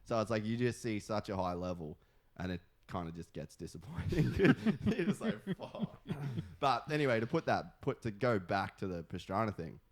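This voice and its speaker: A young Australian man with a lowish voice chats loosely on a podcast. He rambles and leans on fillers and swear words. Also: big pitch swings, moderate pace. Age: 20s. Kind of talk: casual podcast chat.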